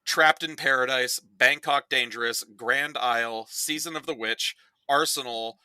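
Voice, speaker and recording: A young man in casual podcast chat, telling animated stories and breaking into exaggerated impressions. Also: mid-range voice, unhurried, clean tone, no echo, poor audio. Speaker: podcast guest.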